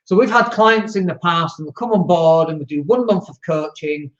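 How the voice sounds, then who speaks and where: A man's voice: a little high, normal speed. A man hosting a live-streamed show and talking casually to his viewers, chatty and loose, with fillers and small laughs. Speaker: host. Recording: echoey room, dull lo-fi sound.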